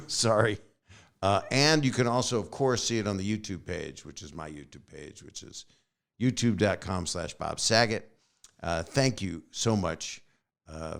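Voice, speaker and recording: A man in his sixties hosting a podcast, wrapping up an episode with rambling, joking asides that trail off quietly. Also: sits low, creaky. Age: 60s. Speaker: podcast host. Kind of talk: casual podcast outro.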